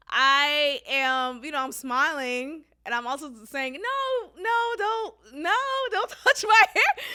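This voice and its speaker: Young woman, podcast host; bright, slightly high voice; lively storyteller who acts out the scenes. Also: clear, resonant tone. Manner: animated, laughs often, acts out quotes. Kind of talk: casual storytelling.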